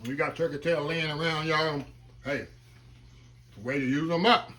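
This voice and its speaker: A man's voice: on the high side, steady tone, unhurried, a bit bright. A man hosting a casual cooking vlog, talking folksy and calling his viewers y'all. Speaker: cooking channel host. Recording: kitchen with sizzling grease behind.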